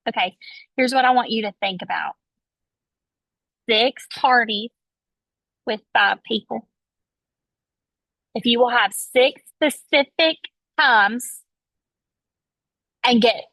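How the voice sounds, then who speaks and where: A woman's voice: a little high, pushed and bright, no room sound. A woman leading her sales team on a video call, chatty and enthusiastic as she coaches. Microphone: video call, webcam. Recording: dull lo-fi call audio, dry.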